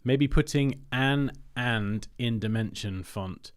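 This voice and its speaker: A man's voice: medium pitch, slow, clean tone. A man hosting a design-review livestream, chatting casually and thinking aloud as he works on screen.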